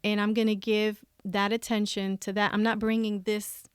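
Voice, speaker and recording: A woman's voice: mid-range voice, normal speed, clean tone, no echo, studio quality. A woman guest on a podcast, talking candidly and animatedly, often laughing and acting out what she and others said. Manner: animated, laughs often, acts out her own quoted thoughts. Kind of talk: candid conversational storytelling.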